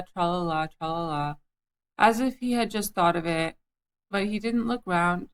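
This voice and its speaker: A woman's voice: lowish voice, low-quality recording. Woman reading a children's story aloud. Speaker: storybook reader.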